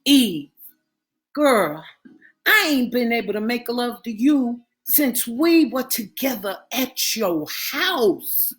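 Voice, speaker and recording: A woman's voice: a little high, expressive, takes it slowly, pitched above the performer's own voice. A woman reading a romance audiobook, voicing a grown man lover who pleads and prays with heavy emotion. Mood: distraught. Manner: emotional, pleading, breaking into cries.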